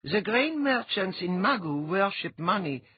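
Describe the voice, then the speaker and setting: A man's voice: sits high, big pitch swings, unhurried, husky, no room sound, voice pushed up, heavily acted. A man voicing a shrewd, confident duke who thinks in money. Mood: sly. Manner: sly, confident. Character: shrewd money-minded duke, merchant type. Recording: dull lo-fi audiobook recording.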